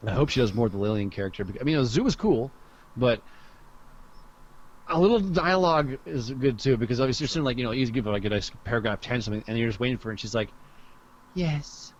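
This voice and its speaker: A man's voice: mid-range voice, rapid-fire, muffled recording. A man hosting a casual gaming podcast, chatting animatedly and laughing often. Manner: animated, laughs often, quotes others in funny voices. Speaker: podcast host.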